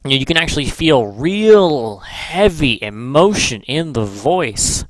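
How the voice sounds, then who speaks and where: Male gaming vlogger, slow and rambling, dry close sound, crude and self-correcting. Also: on the high side, very animated, no room sound. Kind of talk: casual commentary.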